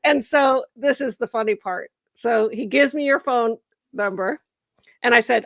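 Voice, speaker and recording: Animated woman telling a story, gravelly edge. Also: fairly high pitch, normal speed, no echo. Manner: animated, acts out quoted voices with laughter. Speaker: host. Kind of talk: casual conversational storytelling.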